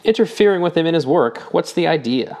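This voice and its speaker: A man's voice: a little high, animated, a little fast. A man reading an audiobook, voicing a blustering, hot-tempered rich older man who roars indignantly. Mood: furious. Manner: roaring, indignant outbursts.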